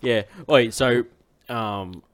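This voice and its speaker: Laid-back podcast host, swearing. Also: male voice, mid-range voice, smooth. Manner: laid-back, heavy swearing, halting with many fillers. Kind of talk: casual podcast chat.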